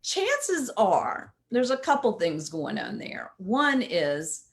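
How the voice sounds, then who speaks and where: Lively conversational woman coach. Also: medium pitch, slow pace. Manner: conversational, often asks "right?". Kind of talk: casual instructional talk.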